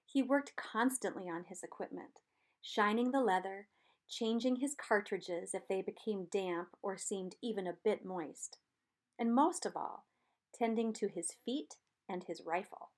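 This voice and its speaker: A woman narrates a novel chapter aloud in an audiobook reading. Her delivery is steady and measured, and her voice sits at an ordinary middle pitch.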